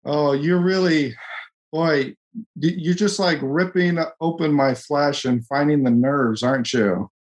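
A man from the Coast, talking in an earnest, self-deprecating, halting way as a podcast co-host in a casual discussion. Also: a little high. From US West Coast.

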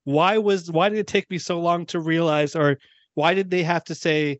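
A man with a slightly high voice chats casually on a podcast and tells stories against himself with lively energy. His mic sounds dry and a little dull. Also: normal speed, no room sound. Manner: self-deprecating, animated storytelling. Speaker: podcast co-host. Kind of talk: casual chat.

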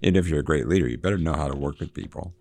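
A man with a very low, gravelly voice talks casually about a novel. He slips into quoted passages with extra lift and emphasis, and chuckles between points. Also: very fast, darkish tone. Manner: reads quoted passages with lifted pitch and emphasis, laughs often. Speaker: book discussion co-host. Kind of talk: casual book discussion, reading passages aloud.

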